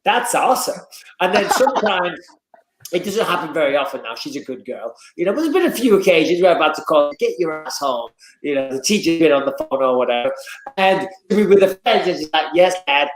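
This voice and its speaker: A man from England with a Northern English accent, telling animated stories and swearing freely as a guest in casual chat. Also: on the high side, fast, echoey room, rough recording.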